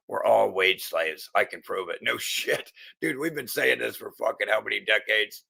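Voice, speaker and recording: A middle-aged man hosts his own angry monologue, his voice strained and piercingly tense. He swears constantly, restarts his sentences and presses on in agitation. A gravelly rasp runs under his low voice. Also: normal speed, hardly any pauses, sharp tone. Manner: profane, agitated, stumbling restarts. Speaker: channel host.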